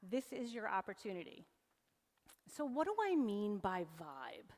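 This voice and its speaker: A woman's voice: mid-range voice, very animated, measured pace, darkish tone. A woman in her forties giving a humorous motivational talk to a live audience, teasing and joking as she goes. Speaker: keynote presenter. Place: event hall on stage. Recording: long hall reverb.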